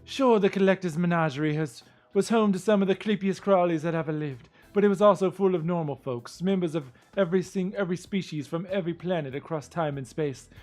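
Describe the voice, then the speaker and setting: A man's voice: high-pitched, fairly quick, hardly any pauses, darkish tone, faint music behind, voice pushed up, lightly acted. A man voicing a tough, sardonic woman monster hunter in a put-on Cockney British accent, reading game lore aloud in character. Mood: wry.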